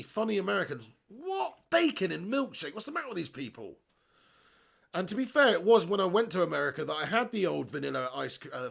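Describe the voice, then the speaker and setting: A man's voice: high voice, creaky. A man hosting a live football watch-along, joking, swearing and reading chat aloud. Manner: jokey, swears, laughs often, reads chat aloud. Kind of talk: casual live match commentary and chat.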